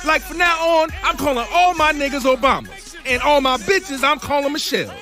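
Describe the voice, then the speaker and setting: A man voicing a brash, swaggering young street guy in an animated comedy. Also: very high-pitched, brisk, soft background music, exaggerated voice.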